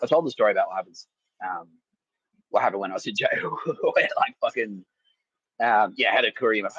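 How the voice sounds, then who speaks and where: Laughing man, husky rambling storyteller. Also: fairly low pitch, expressive, fast, no room sound, muffled recording. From Australia. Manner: rambling, laughing, swearing, acting out quotes loudly. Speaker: podcast host. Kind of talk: casual comedic storytelling.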